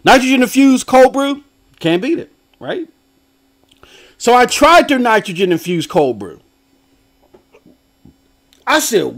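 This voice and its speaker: Brief: middle-aged male stream host, high and very lively voice, animated, slangy, laughs often. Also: takes it slowly, long pauses. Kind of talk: casual livestream commentary.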